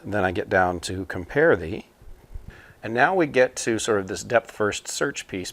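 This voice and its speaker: A man teaching computing, talking a class through a problem at a whiteboard in a relaxed, explanatory way with frequent fillers. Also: on the low side, dry recording. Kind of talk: casual whiteboard lesson explanation. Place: small room at a whiteboard.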